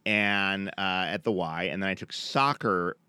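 A man's voice: sits low, unhurried, bright, forceful tone, smooth, dry recording. A man in his fifties chatting casually as a podcast co-host, self-deprecating and chatty. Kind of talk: casual chat.

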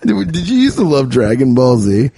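A man's voice: mid-range voice, very animated, normal speed, gravelly, mellow, a little hiss or hum. A man hosting a podcast, chatting casually with crude jokes and frequent laughter. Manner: crude, laughs often, jokey. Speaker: podcast host. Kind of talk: casual comedic chat.

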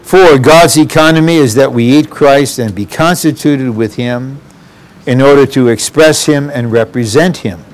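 A man's voice: mid-range voice, moderate pace. A man preaching a sermon, earnest and addressing the congregation directly.

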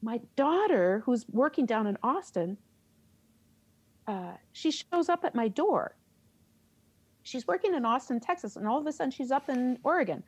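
A middle-aged woman, a theater teacher, telling a story in an interview, animated and laughing as she acts out her reactions. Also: high voice, moderate pace, pauses often, breathy edge, no room sound.

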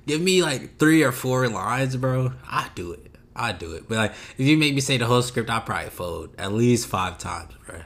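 A man chatting alone on his podcast, loose and unhurried, full of slang and side tangents. His voice sits at an ordinary middle pitch, and his thoughts wander as he talks. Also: expressive, a bit bright. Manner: laid-back, rambling, slangy, drifts off topic. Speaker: podcast host. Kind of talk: casual solo podcast chat.

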